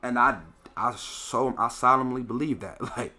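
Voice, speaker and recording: A young man, a poet talking casually as a podcast guest, animated and swinging between loud laughing bursts and low quiet storytelling. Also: normal speed. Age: young adult. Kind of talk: casual conversation.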